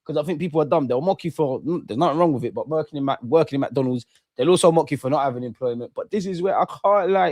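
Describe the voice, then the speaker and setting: A young man from England in his twenties, chatting casually on a live stream, slangy and animated, repeating himself and swearing freely. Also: fairly high pitch, dry recording, studio quality. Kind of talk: casual live-stream chat reading viewer comments.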